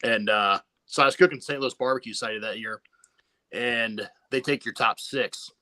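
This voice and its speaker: Bright, laid-back pitmaster man telling stories. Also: medium pitch, normal speed, no room sound. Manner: laid-back, swears freely, many restarts. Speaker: competition barbecue pitmaster, podcast guest. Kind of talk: casual storytelling interview.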